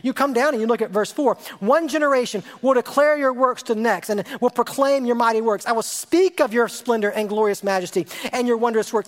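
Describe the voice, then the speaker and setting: A male pastor preaching a sermon, lively and rhetorical, repeating phrases and asking his congregation questions. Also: very high-pitched. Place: church sanctuary. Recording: long hall reverb.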